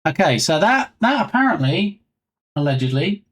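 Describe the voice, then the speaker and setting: A man's voice: a little high, sing-song, normal speed, a bit bright, slightly rough. A man hosting a casual game development live stream, reading chat aloud with rambling, dry, self-mocking asides.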